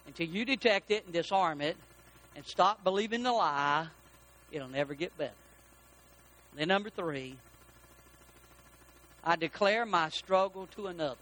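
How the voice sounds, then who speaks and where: A man preaching a sermon as a pastor, building to emphatic peaks and dropping to hushed appeals. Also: high-pitched, expressive, moderate pace.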